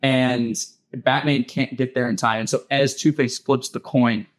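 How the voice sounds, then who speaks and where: An eager man on a podcast, talking at an everyday middle pitch. He rambles through a long retelling in loose, casual chat, restarting his sentences as he goes. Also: fairly even intonation, a little slow. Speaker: podcast co-host.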